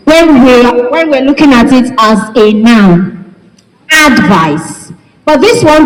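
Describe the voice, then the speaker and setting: A woman from Nigeria teaching an English class, speaking slowly and emphatically and spelling words out letter by letter. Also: high-pitched. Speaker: English lecturer. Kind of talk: classroom lecture. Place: large lecture hall. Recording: echoey lecture hall, long reverb.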